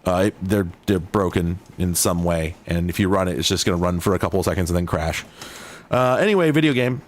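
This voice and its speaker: A man's voice: deep voice, brisk. A man hosting a casual video, talking to himself as he plays old computer games, rambling and sardonic, often cutting himself off mid-sentence. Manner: rambling, sardonic, self-interrupting. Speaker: host. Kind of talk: casual commentary while playing retro games.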